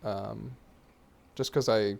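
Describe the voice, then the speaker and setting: A man's voice: lowish voice, steady tone, slow pace, vocal fry. A man co-hosting a podcast in casual chat, hesitant with dry humor. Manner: hesitant, many ums and restarts, dry humor. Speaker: podcast co-host.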